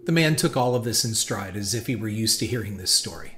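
A man giving a measured, dramatic scripted narration of a horror story. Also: on the low side, lively intonation, a bit bright. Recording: noisy hiss behind voice.

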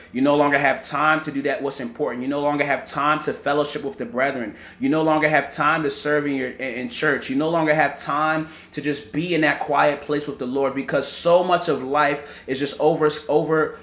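A man's voice: fairly high pitch, fairly bright tone, reverberant. A man preaching a teaching sermon, often repeating words and checking in with "right?" and "amen".

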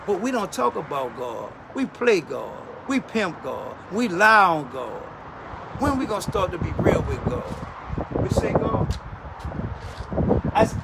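High-voiced shouting preacher man. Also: big pitch swings, unhurried, a little hiss or hum. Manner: shouting and repeating phrases, preacherly cadence. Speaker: pastor. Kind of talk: fiery sermon. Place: outdoors while working out.

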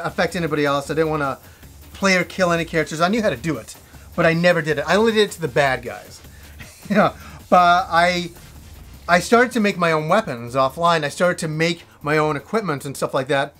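A man reviewing a video game as the host, telling old memories in an excitable, profane, animated way. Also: a little high. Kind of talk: casual storytelling review.

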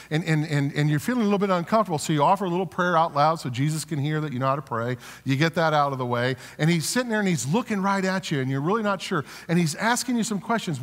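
A male pastor preaching in a casual, storytelling way, often restarting phrases and tossing rhetorical questions to the congregation. His voice sits fairly high for a man. It rings with a long reverb through a church sanctuary. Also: expressive, quick pace. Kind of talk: sermon.

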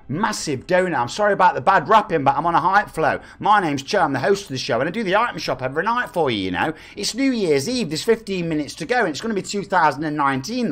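Brief: forties streamer from the East Midlands, pitched a bit high, animated and chatty, gushing thanks to viewers. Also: male voice, fairly quick, faint music behind. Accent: East Midlands English. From England. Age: 40s. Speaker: game streamer host. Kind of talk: live stream chat reading donations. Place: home room.

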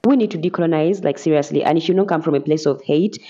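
Woman reaction host, husky, mellow dark voice, earnest casual commentary. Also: deep voice, fast talker, muffled recording. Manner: earnest, reflective, fillers like "like".

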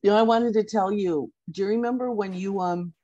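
A woman's voice: mid-range voice, a little fast, mellow, dull audio. A woman chatting on a video call, enthusiastic, with fillers trailing through her stories. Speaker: guest. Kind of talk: casual video-call chat.

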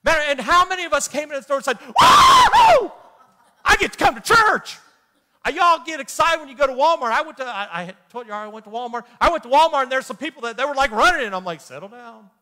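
Animated, bright-voiced male pastor. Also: very high-pitched, racing, few pauses. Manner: animated, jokey, exclaims and repeats words. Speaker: pastor teaching a Bible study. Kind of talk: lively sermon-style teaching. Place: church hall.

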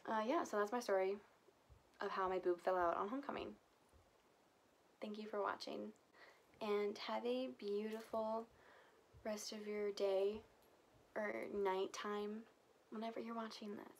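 A woman's voice: medium pitch, fairly even intonation, unhurried, pauses often, slight background noise. A young woman vlogger telling a casual storytime, chatty and full of filler words. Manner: chatty, heavy use of filler "like".

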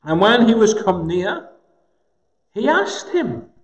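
A man preaching a sermon in a gospel hall, slow and emphatic with dramatic pauses. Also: sits high, sing-song. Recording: echoey hall with long reverb.

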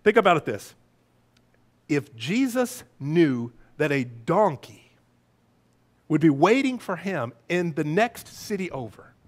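A man preaching a lively, playful sermon as pastor, breaking into shouts and silly voices. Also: a little high.

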